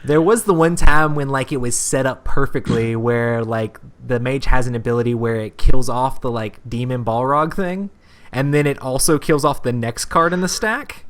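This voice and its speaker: A man's voice: medium pitch, normal speed. Man explaining a game with many fillers. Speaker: podcast host. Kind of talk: casual chat.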